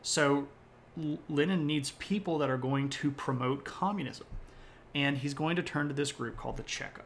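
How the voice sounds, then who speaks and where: A man's voice: fairly high pitch, moderate pace, slight background noise. A man lecturing on history during a live stream, rambling a little, correcting himself and tossing in joking asides.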